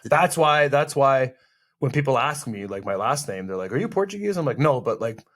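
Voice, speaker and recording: A man's voice: medium pitch, fairly bright tone. A man co-hosting a casual podcast chat, joking and rambling, often cutting in on his partner. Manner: joking, rambling, quick to interrupt. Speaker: podcast co-host.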